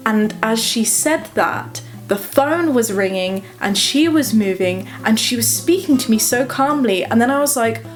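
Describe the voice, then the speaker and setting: Animated young Englishwoman telling a story. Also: fairly high pitch, moderate pace, soft background music. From England. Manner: animated retelling, acting out dialogue. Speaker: vlogger. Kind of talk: storytime vlog. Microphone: camera mic.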